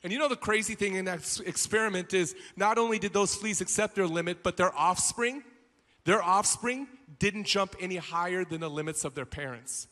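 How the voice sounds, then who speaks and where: A man preaching a sermon with a high, bright voice that carries a long hall reverb. He drops to near-murmurs and then builds to full shouts. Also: moderate pace. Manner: swings from quiet to shouting. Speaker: pastor.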